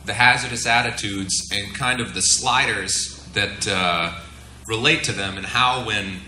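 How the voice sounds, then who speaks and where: Bright-voiced man lecturing in echoey room. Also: on the low side, slight background noise. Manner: casual, joking, asks the room questions. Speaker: flight instructor. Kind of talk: seminar lecture to an audience. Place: seminar room.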